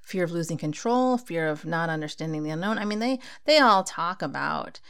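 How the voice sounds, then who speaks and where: A woman's voice: lowish voice, animated, a little fast, a bit bright, clear, resonant tone. A woman giving a casual spiritual talk, speaking conversationally and acting out her own inner dialogue.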